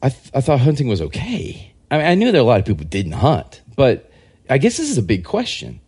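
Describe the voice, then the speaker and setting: A man, a historian and scholar, giving a casual podcast interview and telling rambling, animated anecdotes. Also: medium pitch, a little fast, breathy edge. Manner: rambling, animated anecdotes that act out quoted people. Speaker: guest historian and religious scholar.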